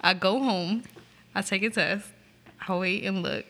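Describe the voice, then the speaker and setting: A woman, a podcast co-host telling a story in casual chat, profane and animated, laughing often. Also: medium pitch, a little slow.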